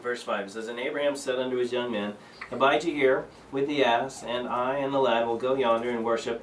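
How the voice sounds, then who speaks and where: A man's voice: medium pitch, steady tone, moderate pace, few pauses, echoey room, far from the mic, a little hiss or hum, low-quality recording. A man leading a Bible study, reading scripture aloud and explaining it earnestly, with many fillers and restarts. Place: church room.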